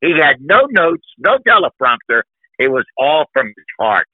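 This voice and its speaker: A man's voice: on the high side, big pitch swings, moderate pace, no room sound. A man hosting a podcast interview, talking effusively and with emphasis, full of praise for the people he mentions. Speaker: podcast host. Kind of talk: conversational interview. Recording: dry, phone-like narrow band.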